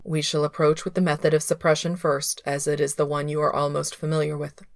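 A woman voicing a reserved male cultivator of few words who speaks low, quietly and evenly. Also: flat delivery, fairly quick, gravelly, no room sound, clean studio sound. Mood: calm.

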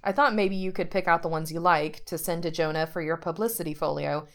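A woman's voice: low voice, fairly even intonation, brisk. A woman reading a story aloud as narrator, shifting her voice slightly for the characters' lines. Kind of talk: audiobook reading of fiction.

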